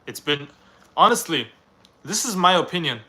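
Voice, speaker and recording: A man's voice: on the high side, animated, normal speed, sharp tone. A young man from Canada, reading viewers' questions aloud on a live stream and answering them in a casual, rambling way.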